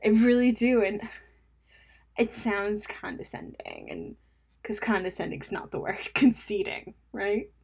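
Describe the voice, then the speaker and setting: A woman's voice: medium pitch, huge pitch swings, a little slow, gravelly, a little mellow, breathy edge. A young woman hosting a casual solo podcast, rambling and self-mocking, laughing at her own jokes and dropping into mumbled asides. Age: young adult. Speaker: podcast host.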